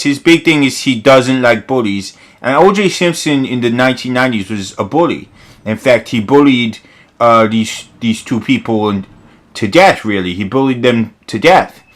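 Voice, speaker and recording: A man at home talks through his sketches in a mock-earnest, deadpan ramble, full of ums and restarts. His voice sits at an ordinary middle pitch. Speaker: host of an art commentary video. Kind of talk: mock-earnest comedic commentary.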